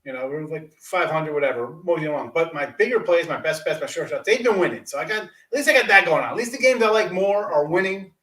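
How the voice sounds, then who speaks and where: A man's voice: on the high side, expressive, a bit bright, roomy sound, distant mic, rough recording. A man, a sports handicapper, talking brashly and jokingly in a casual betting chat over a video call. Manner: brash, joking, rapid-fire.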